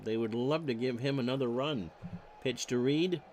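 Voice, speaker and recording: A man's voice: medium pitch, moderate pace, darkish tone, slight background noise. A man calling baseball play-by-play, reading off stats with wry joking asides. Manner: stat-heavy calls with wry joking asides. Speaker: play-by-play announcer.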